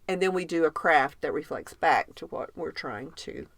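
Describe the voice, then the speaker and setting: A woman's low voice carries her animated storytelling as she co-hosts a podcast, chatting casually and laughing often. She talks at a normal pace, and the recording is dry.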